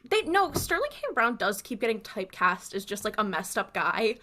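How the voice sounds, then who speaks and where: A young woman co-hosts a podcast, chatting casually through a recap and acting out characters' lines as she retells scenes. Her medium-pitched voice swings widely in pitch at a normal speed, sounding pushed and bright.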